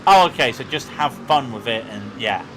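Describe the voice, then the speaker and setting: A man commentating on a sim racing stream, chatty and excitable with quick asides. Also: medium pitch, a little hiss or hum. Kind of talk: live race commentary chat.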